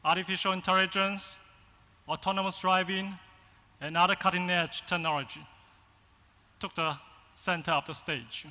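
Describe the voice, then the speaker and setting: A man from China with a Chinese accent, giving a conference keynote in short, halting phrases with fillers. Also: high-pitched, steady tone, sharp tone. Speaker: agency founder, keynote speaker. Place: large conference hall. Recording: long reverb in a conference hall.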